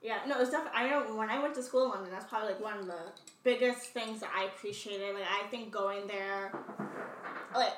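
A woman's voice: mid-range voice, a little fast, distant mic. A woman in her twenties co-hosting a podcast, chatting casually and telling long stories about her busy days. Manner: chatty, tells long stories with quoted self-talk. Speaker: podcast co-host. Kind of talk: casual chat. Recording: roomy, a little off-mic.

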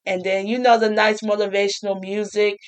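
A woman's voice: mid-range voice, little pitch movement, brisk, clear, resonant tone. A young woman telling a casual storytime, chatty, with frequent laughs and restarts. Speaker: vlogger.

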